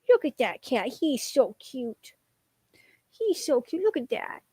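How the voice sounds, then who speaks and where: A woman's voice: sits high, big pitch swings, takes it slowly, darkish tone, slightly rough, no room sound. A woman streaming casually, rambling with many fillers and cooing at her cat in baby talk. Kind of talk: casual live-stream chat.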